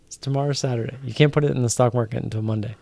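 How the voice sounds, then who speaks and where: Drunk young man, rambling stream chat, gravelly, dry close sound. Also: medium pitch, steady tone, very fast, mellow, dry recording. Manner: rambling, teasing, joking with chat. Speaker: live stream host. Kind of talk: casual live stream chat with viewers.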